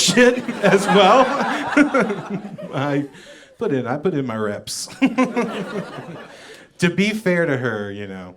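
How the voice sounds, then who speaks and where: A man doing a stand-up comedy set on stage in a comedy club, with wry, deadpan asides that trail off. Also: medium pitch, noisy background.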